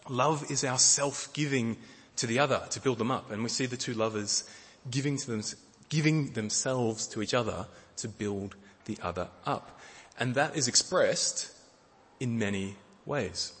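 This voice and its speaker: Husky-voiced man preaching in a reverberant hall. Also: mid-range voice, a little slow. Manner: gentle, with frequent fillers and repeated words. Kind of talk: sermon.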